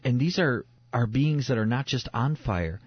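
A man's voice: medium pitch, animated, moderate pace, husky, no room sound. A man teaching the Bible in a sermon style, emphatic and repeating key phrases for stress. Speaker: preacher on a faith show. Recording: dull lo-fi sound.

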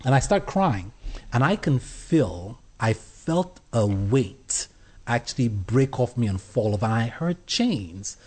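A man telling his personal faith story as an interview guest, earnest, with halting restarts. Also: medium pitch, very animated, darkish tone, husky. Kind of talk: personal testimony in conversation.

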